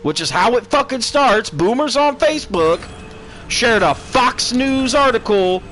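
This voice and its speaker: A man's voice: very high voice, animated, unhurried, a bit bright, faint music behind. A man streaming a profane, sarcastic rant that mocks people with put-on voices. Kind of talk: ranting commentary.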